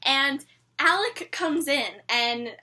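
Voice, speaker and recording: Very high, animated young-sounding woman. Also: takes it slowly. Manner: animated and opinionated, peppered with "like". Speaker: TV episode reviewer. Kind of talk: casual fan recap chat.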